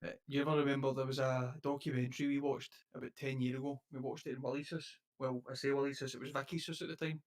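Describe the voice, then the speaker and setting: Scottish bloke chatting fast on a podcast, rambly and sweary, mid-pitched voice. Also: male voice, little pitch movement. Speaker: podcast co-host. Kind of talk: casual chat.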